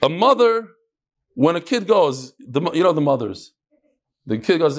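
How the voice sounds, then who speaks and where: A man's voice: on the high side, big pitch swings, moderate pace, pauses often. A man teaching an informal Gemara class, telling stories and explaining with Hebrew and Yiddish terms. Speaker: Talmud teacher.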